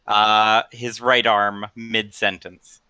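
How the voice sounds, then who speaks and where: Slow deliberate guy playing d&d, bright clean voice. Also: lowish voice, level tone, clean tone, no room sound. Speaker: player. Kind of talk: casual tabletop role-play.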